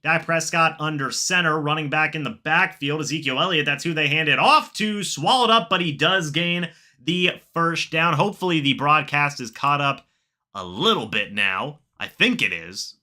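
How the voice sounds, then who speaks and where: A man hosting a live reaction stream, calling the plays himself and chatting with viewers. He gets excited during plays and mutters quietly in the asides. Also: a little high, normal speed. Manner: excitable, bursts up when plays happen, then mutters asides. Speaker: live stream host doing play-by-play. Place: home, watching the game on screen.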